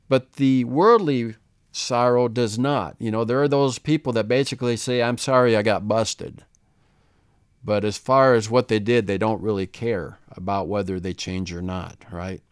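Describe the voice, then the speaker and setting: A man teaching the Bible in a relaxed, conversational way, often checking in with "right?". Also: mid-range voice, moderate pace, smooth, no room sound, clean studio sound.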